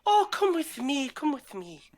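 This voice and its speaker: A woman's voice: high-pitched, sing-song, slow pace, pitched above the performer's own voice, exaggerated voice. A man putting on a fussing female dwarf hostess. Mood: welcoming. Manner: fussing, calls everyone dearie. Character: kindly old-fashioned female dwarf hostess.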